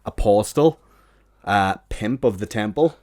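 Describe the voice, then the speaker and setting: A man's voice: lowish voice, lively intonation, a little slow, a little mellow, dry recording, clean studio sound. A young man, a podcast guest telling stories playfully and laughing often. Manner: giggly, playful storytelling. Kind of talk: casual comedic chat.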